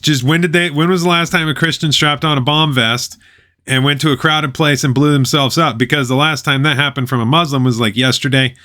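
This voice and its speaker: A man's voice: mid-range voice, sharp tone. A man reading a web page aloud and commenting on it, with sarcastic, mocking asides.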